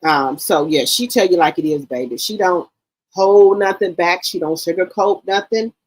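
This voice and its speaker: A middle-aged woman hosting a livestream, chatting in a casual, animated storytelling way and calling her listeners baby and girl. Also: lowish voice, normal speed, low-quality recording. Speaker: livestream host.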